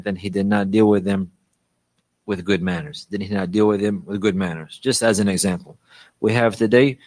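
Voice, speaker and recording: A man's voice: on the low side, no echo. A man giving a religious lesson on manners, often repeating a phrase to stress it and restarting his sentences. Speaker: Islamic teacher.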